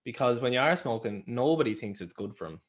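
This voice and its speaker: A man's voice: mid-range voice, expressive, fast talker. A young Irish man co-hosting a podcast, telling rambling stories in casual chat and swearing freely. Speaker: podcast co-host.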